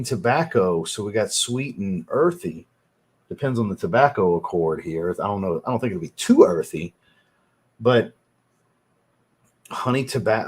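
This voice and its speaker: A man with a husky, slightly breathy voice talks casually into a desk mic during a livestream. He thinks out loud, unsure at times, and answers viewers' chat messages between his own thoughts. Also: medium pitch. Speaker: fragrance livestream host.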